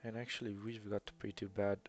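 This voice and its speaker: A man's voice: on the low side, little pitch movement, brisk, muffled recording. A young man with an Eastern European accent, rambling through casual gameplay commentary in a hesitant, self-deprecating way. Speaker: let's player.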